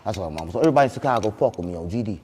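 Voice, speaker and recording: A man hosting a podcast, boasting in animated banter and repeating catchphrases, loud one moment and soft the next. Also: on the low side, very fast, long reverb tail, a little hiss or hum. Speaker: podcast host.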